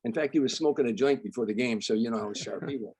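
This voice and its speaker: An older man from Chicago, a comedian guest, telling stories in an animated way and acting out the people he quotes. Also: mid-range voice, quick pace, husky, no room sound. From Chicago, United States. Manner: animated storyteller, acts out quoted voices. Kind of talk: storytelling interview.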